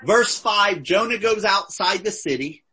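Husky guy preaching, bright voice, swings up and down a lot, stops every few words for the interpreter. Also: unhurried. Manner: animated, acts out quotes with big pitch jumps. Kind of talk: sermon with interpreter.

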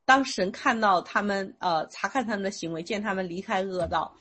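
Husky woman interpreting a sermon. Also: medium pitch, a little fast. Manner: steady, rephrases with small fillers.

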